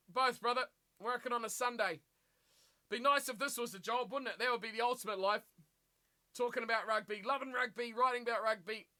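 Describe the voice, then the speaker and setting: Live on his stream, a man narrates a rugby match in a very high-pitched voice. He's energetic and full of rhetorical questions, reading the chat aloud and responding as he goes.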